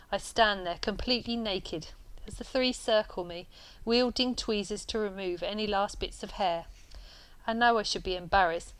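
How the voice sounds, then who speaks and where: A woman's voice: mid-range voice, clean tone, low-quality recording. Woman reading a novel aloud. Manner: steady reading with small slips and restarts. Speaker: reader.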